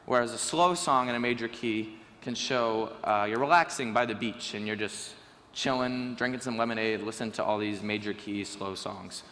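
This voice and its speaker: Bright-voiced teenage boy in a hall. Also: on the low side, moderate pace. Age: teens. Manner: lively, joking, conversational. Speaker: student speaker. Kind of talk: stage talk to an audience. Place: school auditorium. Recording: reverberant hall with faint ambience.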